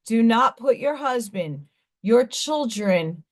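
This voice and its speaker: A woman's voice: fairly high pitch, expressive, takes it slowly. A woman hosting a live stream, telling stories in a rambling, candid, blunt way. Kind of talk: casual chat.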